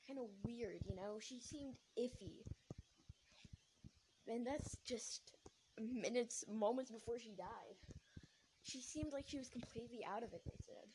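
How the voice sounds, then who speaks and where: A woman's voice: fairly high pitch, normal speed, noisy background. A young woman telling a story casually. She rambles, uses lots of fillers, corrects herself and laughs now and then.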